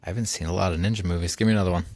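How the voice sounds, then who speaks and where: A man's voice: low-pitched, fairly even intonation, very fast, a little mellow, no room sound. A young man co-hosting a podcast, laid-back in casual chat and guessing quiz answers in short replies. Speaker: podcast co-host.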